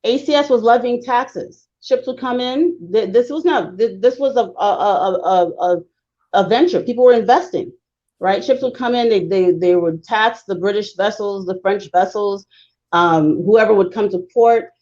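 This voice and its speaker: A woman speaking as a guest on a talk show, explaining history in an emphatic, lecturing way with fast bursts. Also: medium pitch, darkish tone, lo-fi sound.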